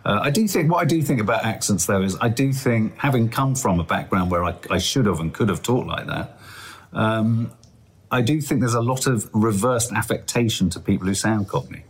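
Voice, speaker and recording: A man's voice: lowish voice, brisk, slightly rough. A man co-hosting a podcast, chatting casually in a reflective, hedging way. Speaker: podcast co-host. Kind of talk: casual chat.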